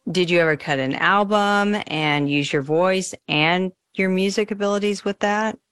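A woman with a lowish voice hosts a radio interview, encouraging and affirming her guest as she asks questions. The sound is dry and close, like a studio. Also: moderate pace, fairly bright tone, clean tone, no room sound. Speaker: radio show host. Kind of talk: interview hosting.

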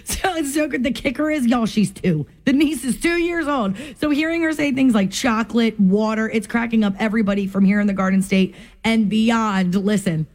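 A woman's voice: on the high side, normal speed, a little mellow. A young woman with a New Jersey accent, co-hosting a radio morning show and telling stories in chatty, upbeat banter. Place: radio studio.

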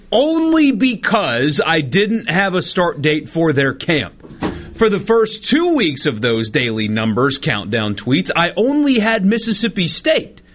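Lively, indignant radio co-host man. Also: fairly high pitch. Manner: indignant, emphatic ranting. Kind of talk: casual sports radio talk.

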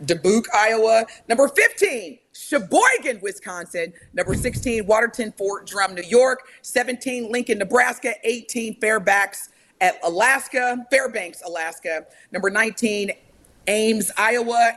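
Woman radio co-host from Indiana, animated and playful, casual chat. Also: fairly high pitch, a little slow. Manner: animated, laughing, reading a list aloud.

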